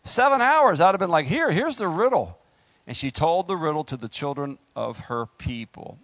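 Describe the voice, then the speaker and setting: A man preaches through a Bible passage with lively, joking asides to his listeners. His voice sits a little high and swings widely in pitch. The sound is close and dry. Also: normal speed, no room sound. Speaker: preacher leading a Bible study. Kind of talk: sermon with scripture reading.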